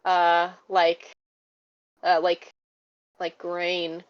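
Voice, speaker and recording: A woman narrating a tabletop game as game master, relaxed and halting with many fillers. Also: fairly low pitch, dry recording, highs cut off.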